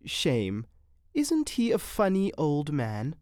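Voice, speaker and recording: A reader voicing a gentle, soft-hearted wife who is squeamish but kind, with a high, animated, tender delivery. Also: female voice, slow pace, no room sound, studio quality, exaggerated voice. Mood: fond, lively.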